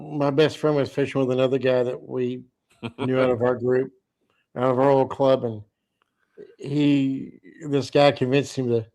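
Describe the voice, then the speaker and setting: Guy on a late live stream, gravelly, yawny, kinda rambly. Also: mid-range voice, darkish tone. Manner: rambling, swears freely, reads chat aloud. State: tired and yawning. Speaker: livestream host. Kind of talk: casual live-stream chat.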